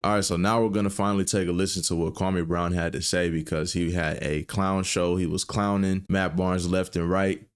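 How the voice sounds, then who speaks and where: A man's voice: low voice, fairly even intonation, moderate pace, hardly any pauses, clear, resonant tone. A man hosting an online commentary video, steadily narrating a recap of a news story. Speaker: YouTube commentary host.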